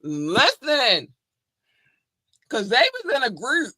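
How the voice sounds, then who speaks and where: Bubbly bright-voiced woman podcaster. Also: on the high side, sing-song, slow, slightly rough, dry recording. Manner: bubbly and effusive, shouting out listeners. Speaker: podcast co-host. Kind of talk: casual podcast chat.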